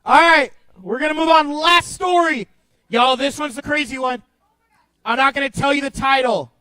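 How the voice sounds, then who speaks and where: Young guy youth pastor, super high voice for a dude, goofy and loud then quiet, dry close sound. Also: moderate pace, dry recording, low-quality recording. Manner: playful and animated, swings between loud bursts and hushed storytelling. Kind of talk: lively youth-group Bible talk.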